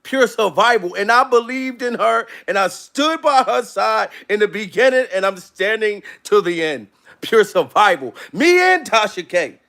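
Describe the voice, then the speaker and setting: A man's voice: sits high, lively intonation, moderate pace, gravelly, pushed and bright. A man doing comedic gossip commentary in an over-the-top style, full of repeated catchphrases and mock-dramatic bits. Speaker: commentary vlogger.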